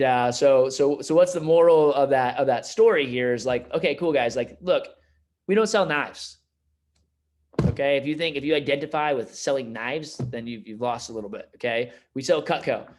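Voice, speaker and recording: A man running a sales team meeting, giving an energetic motivational talk full of "like" and "you know". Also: medium pitch.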